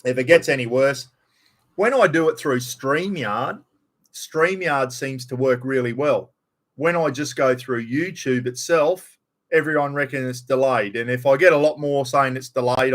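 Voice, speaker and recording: A man's voice: medium pitch, moderate pace. A middle-aged man with a broad North Queensland Australian accent, rambling bluntly and swearing freely during a casual live stream chat.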